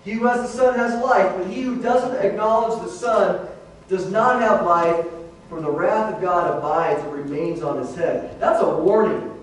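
A man's voice: sits high, normal speed, slight background noise. A man preaching a sermon as pastor, in a conversational way that keeps calling the listeners "guys". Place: large church sanctuary. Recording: very echoey hall, voice from far off.

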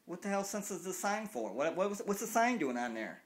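A man's voice: high-pitched, very animated, a little fast. A man in his late fifties ranting to a phone camera, angry and repetitive, swearing freely. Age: 50s. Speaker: cyclist vlogger. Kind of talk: casual rant to camera.

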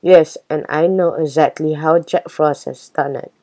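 A knowing little fairy from a children's storybook, read by a woman. She speaks matter-of-factly, in a low, mellow, unhurried voice. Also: steady tone. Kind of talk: storybook reading.

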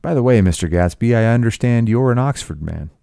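A man's voice: medium pitch, lively intonation, a little fast, creaky, warm tone, dry recording, clean studio sound, pitched above the performer's own voice. A man reading the part of an arrogant, scornful rich husband, with a sneering, incredulous delivery.

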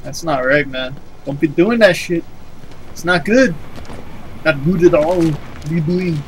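A man's voice: fairly high pitch, a little slow, a little hiss or hum. A man recording let's play commentary, jumpy and swearing as he reacts aloud to what happens on screen. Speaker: gamer playing a horror-tinged action game. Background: game music.

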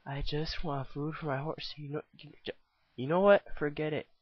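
A man's voice: on the high side, fairly even intonation, normal speed, husky, no room sound, muffled recording. A man voicing a short-tempered cowboy ranger in a homemade stop-motion film, talking in an impatient, exasperated way. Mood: fed up.

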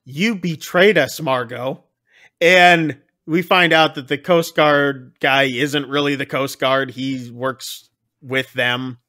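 A man casually recapping a film on a podcast, acting out the lines with big jumps in pitch. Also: fairly even intonation, slow pace, pushed and bright. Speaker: podcast co-host. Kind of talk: casual movie recap chat.

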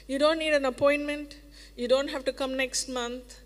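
Indian english lady preaching, high voice, earnest, repeats lines for weight, big church echo. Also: fairly even intonation. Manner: earnest, repeats phrases for emphasis, slows on quoted words. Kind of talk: sermon. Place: church sanctuary. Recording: long hall reverb.

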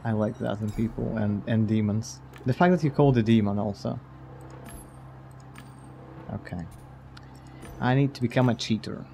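A man's voice: lowish voice, fairly even intonation, normal speed, vocal fry, pauses often, mellow, a little hiss or hum. A man streaming a detective game, commenting casually in a wry, blunt way with casual swearing. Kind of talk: casual let's-play commentary.

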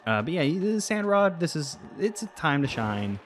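A man's voice: on the high side, big pitch swings, moderate pace, soft background music. A man casually commenting on his video game, rambling, joking at his own expense and talking to the creatures on screen, his voice a little worn. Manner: rambling, self-mocking, talks to game creatures. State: voice getting worn. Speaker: let's play host.

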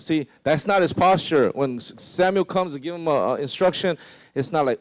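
A man's voice: normal speed, dry recording. Pastor guy giving a chatty sermon, keeps checking in with the crowd, dry close sound. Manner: conversational, many "right?" asides and restarts; acts out quoted voices in a lower tone.

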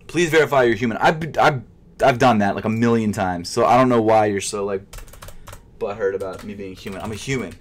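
A man's voice: fairly low pitch, brisk. Frustrated young man muttering at his screen. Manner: frustrated muttering, swings between loud outbursts and unvoiced whispers. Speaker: sneaker vlogger. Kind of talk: casual live commentary.

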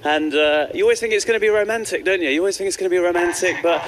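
A man's voice: high-pitched, racing. A man doing a stand-up comedy set, whimsical and rambling, chatting playfully with the crowd on a handheld mic. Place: comedy club stage before a live audience. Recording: live club with audience noise.

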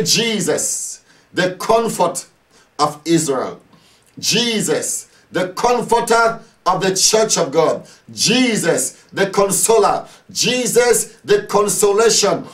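A man's voice: sits high, animated, a little slow, distant mic. A man preaching a sermon, leading the congregation in call-and-response prayer with emphatic, repetitive declarations.

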